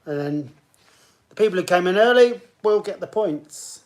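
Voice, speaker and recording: A man's voice: high voice, expressive, moderate pace. A man hosting a live online pub quiz, chatting and greeting players by name as he reads questions. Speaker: quiz host.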